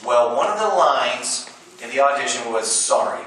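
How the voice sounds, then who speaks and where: A middle-aged man, a voice actor and convention panel guest, telling lively anecdotes with frequent laughter and acted-out quotes. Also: mid-range voice, normal speed. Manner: animated storyteller, laughs often, quotes others. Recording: roomy hall recording from far off with noise.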